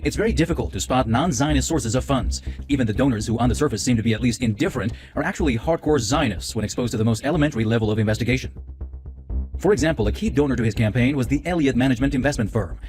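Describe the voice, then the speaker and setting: A man reads a scripted news report quickly and steadily. Soft music plays underneath his matter-of-fact delivery. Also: mid-range voice.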